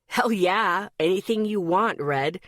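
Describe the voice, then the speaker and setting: A woman's voice: mid-range voice, slow pace, fairly bright tone, no echo, studio quality. A woman voicing an easygoing teenage boy who talks in a casual, offhand way.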